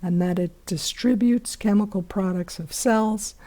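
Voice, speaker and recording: A hoarse woman teaching biology in a chatty recorded lesson, with many fillers and whispery asides. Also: mid-range voice, a little slow, mellow.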